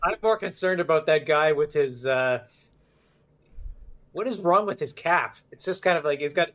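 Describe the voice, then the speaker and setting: A man's voice: a little high, animated, moderate pace, a bit bright, highs cut off. A man casually riffing on an old film with friends, making dry, wry asides. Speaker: film commentary co-host.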